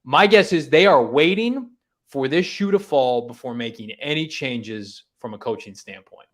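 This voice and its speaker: A man's voice: medium pitch, animated, normal speed. Man talking sports odds. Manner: analytical, talks through betting odds with restarts. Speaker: sports show co-host. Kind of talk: casual sports talk.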